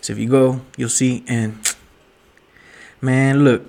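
A man's voice: mid-range voice, little pitch movement, takes it slowly, gravelly, a little mellow. A young man talks to the camera late at night with a drink in hand, rambling through a story in heavy slang. His voice sits in a mid range, and he swears and jokes constantly. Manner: rambling, profane, joking slang with 'yo' and 'bruh'. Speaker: vlogger.

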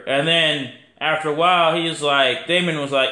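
A man hosting a podcast, talking in a casual, rambling monologue that is animated and full of swearing. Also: a little high, brisk, few pauses. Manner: animated, profane, rambling, acts out quotes. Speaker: podcast host. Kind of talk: casual wrestling review monologue. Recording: echoey room.

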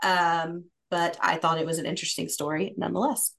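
A woman hosting a podcast, telling stories in a relaxed, chatty way with frequent fillers. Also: on the low side, brisk, creaky. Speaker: podcast host. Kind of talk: casual podcast storytelling.

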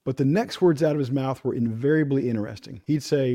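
A man hosting a fishing talk show, delivering a scripted opening monologue in a measured storytelling cadence. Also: mid-range voice, gravelly, warm tone.

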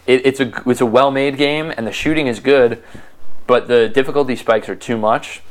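A man's voice: mid-range voice, fairly even intonation. A man in casual chat, telling a video game's story with enthusiasm and acting out characters' lines. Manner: enthusiastic storytelling, acts out lines in quick voices.

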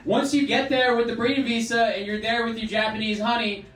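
A man's voice: very high voice, steady tone, fairly quick, a bit bright, echoey room, far from the mic, poor audio. A man hosting, asking a guest casual questions with many hesitant fillers. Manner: hesitant, lots of "uh".

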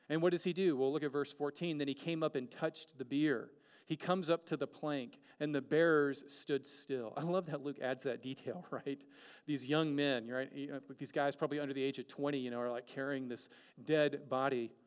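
A man preaching a sermon earnestly, moving between emphatic peaks and hushed, quiet lines. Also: medium pitch, clean tone, big-room sound.

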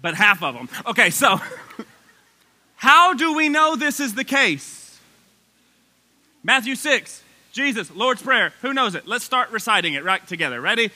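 A man delivering a lively sermon to his congregation. His voice sits high and gets higher as he gets excited, with a very bright, forceful edge. He mixes fired-up preaching with casual, chatty asides. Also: unhurried, pauses often. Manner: energetic, voice climbs high when excited. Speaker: pastor.

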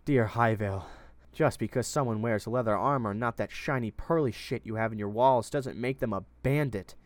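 A man voicing a wounded, frightened young captive woman with a low, somewhat manly voice, who pleads and stammers. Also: animated, measured pace, no echo, close to an everyday voice. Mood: defiant.

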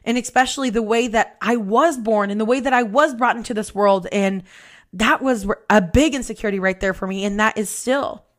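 Blunt, fiery woman podcaster, fairly high voice. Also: brisk. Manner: blunt, emphatic, swears freely. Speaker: podcast host. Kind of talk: heartfelt motivational monologue.

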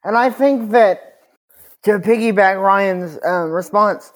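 A man speaking as a podcast guest, telling his story in an earnest, measured way. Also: high-pitched. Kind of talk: podcast interview conversation.

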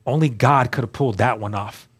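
A man, a guest on the show, telling his personal testimony in an earnest, emphatic way, dropping to a hushed voice at key moments. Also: mid-range voice, fairly quick, slightly rough.

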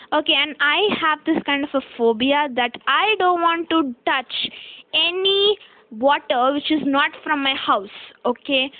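A woman's voice: high-pitched, dry recording. A young woman, casually telling a personal story in a chatty, rambling way, correcting herself and tossing in "okay?" asides. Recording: dry, tinny phone-like sound.

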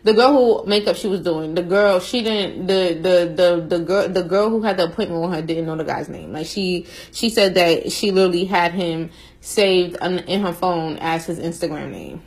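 A woman's voice: lowish voice, normal speed, poor audio. Blunt, teasing New woman. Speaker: podcast co-host. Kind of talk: casual chat.

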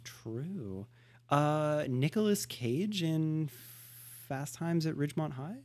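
A man's voice: on the high side, animated, slow pace, darkish tone. Joking man co-hosting a podcast. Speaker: podcast co-host. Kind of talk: casual chat.

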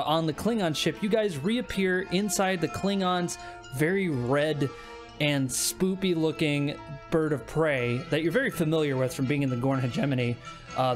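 A man narrating as game master in a rambling, casual way full of fillers. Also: fairly high pitch.

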